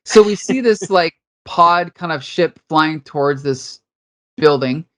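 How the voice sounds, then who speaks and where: A man's voice: on the high side, a little slow, fairly bright tone. Chatty man retelling a comic. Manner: rambling, laughs often, many fillers. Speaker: podcast co-host. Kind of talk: casual comic book discussion.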